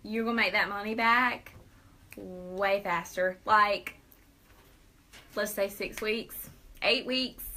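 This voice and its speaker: A woman's voice: mid-range voice, steady tone, slow, pauses often, bright, forceful tone, rough recording. A young woman hosting a live video Q&A, upbeat and persuasive, laughing often. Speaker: host.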